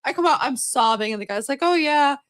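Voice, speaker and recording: A woman's voice: a little high, fast, a bit bright, no room sound, clean studio sound. A young woman co-hosting a podcast, telling a story in a rambling, laughing, apologetic way. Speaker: podcast co-host. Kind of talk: casual chat.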